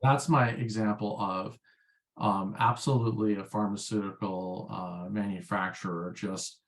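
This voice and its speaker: A man's voice: fairly low pitch, steady tone, unhurried. A man, a former sales rep chatting as an interview guest in a rambling, filler-heavy way. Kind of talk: casual interview chat.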